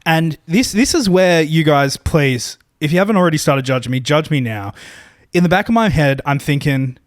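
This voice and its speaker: Male podcast co-host, slightly high voice, dry close mic, rambling profane storyteller. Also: lively intonation, moderate pace, no room sound. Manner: rambling, profane, self-deprecating, many restarts. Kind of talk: casual storytelling chat.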